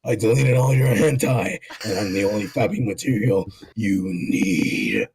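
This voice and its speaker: A man reading out lines as a jealous, obsessive girlfriend with a flat, accusing delivery. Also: on the low side, measured pace, vocal fry, husky, pitched below the performer's own voice, heavily acted.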